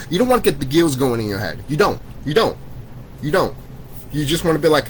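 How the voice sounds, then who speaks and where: A man's voice: on the high side, sing-song, fairly quick, a little hiss or hum, poor audio. A man in an angry vlog rant, swearing constantly, repeating himself and restarting sentences as he scolds his viewers. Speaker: vlogger. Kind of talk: profane conspiracy rant to camera.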